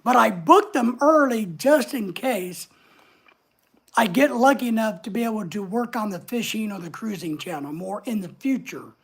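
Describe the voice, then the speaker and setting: A woman's voice: medium pitch, expressive, moderate pace, gravelly, slightly rough. A woman hosting a casual livestream, chatting away and answering viewer comments as they come in. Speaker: livestream host.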